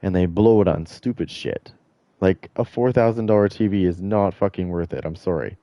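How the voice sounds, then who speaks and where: A man's voice: sits low, moderate pace, no echo, muffled recording. A middle-aged man streaming a game, ranting in a blunt, profane, rambling way. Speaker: gaming streamer. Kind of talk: casual rant while streaming.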